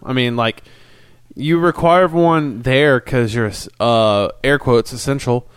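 A man chats casually with a friend, voicing cynical opinions. He rambles and often restarts his sentences, with a mid-range pitch. The recording is close and dry. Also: unhurried, smooth, dry recording. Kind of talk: casual chat about wrestling.

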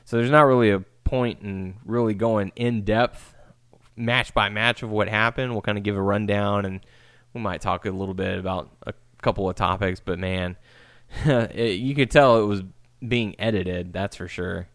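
Low-voiced man in casual podcast chat. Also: normal speed, no room sound, studio quality. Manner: relaxed, laughs easily, curses casually. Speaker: podcast co-host.

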